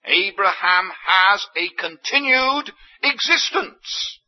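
A man preaching a sermon, emphatic, with big swings in pitch and loudness. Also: lively intonation, slow. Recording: dull lo-fi sermon recording.

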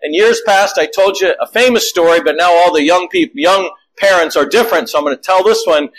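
A man's voice: sits high, fairly quick, a little hiss or hum, rough recording. A middle-aged man preaching a sermon, telling family stories and acting out the voices of the people in them. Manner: animated storytelling, acting out quotes.

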